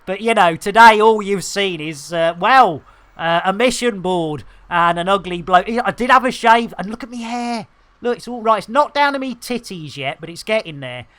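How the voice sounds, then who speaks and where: A middle-aged man with a British accent rambles through a live game stream, cheeky and chatty. His voice is bright and forward. Bursts of excitement break up the banter. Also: sits high, normal speed. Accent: British English. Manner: chatty, jokey, excitable exclamations. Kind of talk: casual live-stream chat.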